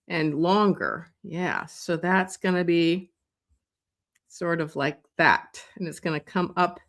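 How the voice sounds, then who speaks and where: A woman leading a live drawing lesson, talking slowly and thinking aloud as she sketches, with many pauses and fillers. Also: lowish voice, a bit bright. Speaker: drawing instructor. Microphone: streaming setup.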